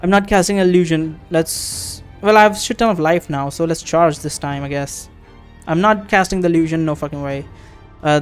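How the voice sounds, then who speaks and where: A man with a fairly high, smooth voice reads a fantasy text game aloud in a let's-play. Between passages he breaks off into relaxed, offhand commentary, musing aloud and cursing now and then. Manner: casual, muses aloud and swears offhandedly. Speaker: game streamer.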